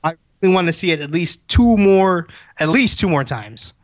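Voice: mid-range voice, expressive, normal speed, dull audio. A speaker in casual chat, rambling with many restarts and swearing freely while animatedly retelling scenes.

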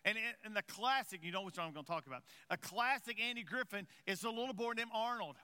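A man preaching a sermon to his congregation in a conversational way, often stumbling over and repeating his words, his voice swinging from quiet and low to loud and rising. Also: fast, smooth. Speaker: pastor.

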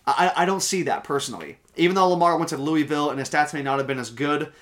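A man's voice: on the high side, animated, fast, fairly bright tone. A young man co-hosting a casual sports podcast, emphatic and opinionated, swearing now and then. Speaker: podcast co-host.

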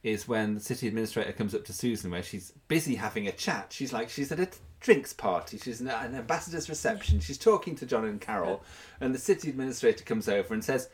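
A man co-hosting a casual podcast chat, playful and expressive with frequent giggles. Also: mid-range voice, fast talker. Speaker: podcast co-host.

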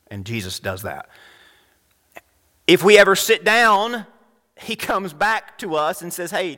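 Male preacher, high voice, sermon, rhetorical questions, long hall reverb. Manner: animated, rhetorical questions, wide swings between loud and hushed. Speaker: pastor.

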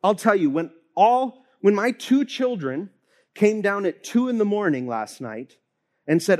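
Man, pastor, sermon, high voice, lively storytelling, acts out quotes. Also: unhurried.

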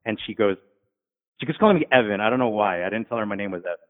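A former paramedic appearing as a guest swaps casual stories from his ambulance shifts, talking very fast. Animated, he slips into high, squeaky voices to play the drunk patients and other people he met. His voice sounds thin and tinny, as if over a phone line.

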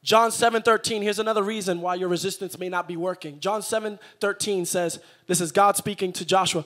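A man preaching a sermon to a live church congregation, repeating phrases and building to loud, shouted peaks. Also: high voice, steady tone, fairly quick, hardly any pauses. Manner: engages the congregation directly.

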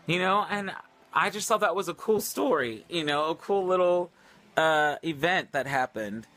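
A man hosting a livestream, telling a story casually in a rambling, animated way with many fillers and restarts. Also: a little high, normal speed. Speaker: livestream host.

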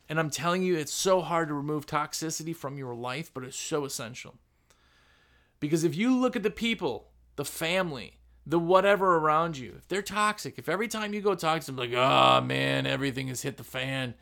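A man's voice: a little high, animated, a little fast, fairly bright tone. A man hosting a podcast, giving a casual motivational talk and acting out other people's voices. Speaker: podcast host.

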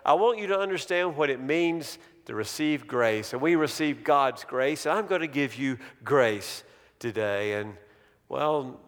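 A middle-aged man preaching a sermon in a church sanctuary, telling stories dramatically and slowing to a hush on key words. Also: medium pitch. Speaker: pastor. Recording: long reverb of a large hall.

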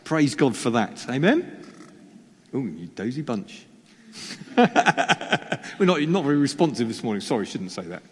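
A man's voice: on the high side, huge pitch swings, a little slow, slightly rough. A male preacher giving a chatty sermon, teasing the congregation and poking fun at himself. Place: church hall. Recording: long reverb of a church hall.

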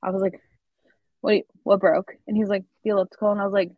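A woman's voice: mid-range voice, level tone, racing, dry recording, muffled recording. A woman co-hosting a podcast, telling a story in casual chat with lots of fillers. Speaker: podcast co-host.

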